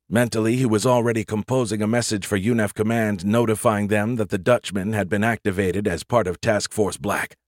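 A man narrates an audiobook with a steady, measured reading. His voice is on the low side, and the clean studio sound has no echo.

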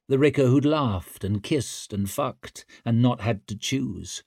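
Guy reading a fantasy audiobook, slow and steady, dead dry mic. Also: mid-range voice, vocal fry, slightly rough, no room sound. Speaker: narrator. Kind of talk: audiobook narration.

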